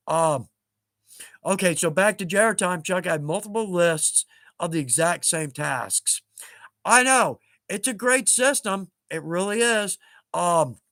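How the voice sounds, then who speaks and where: Fifties guy rambling on a livestream, kinda high voice, laughs at himself a lot, dry close sound. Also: fairly bright tone, no echo. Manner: chatty, rambling, self-mocking with chuckles. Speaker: livestream host. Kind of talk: casual livestream chat.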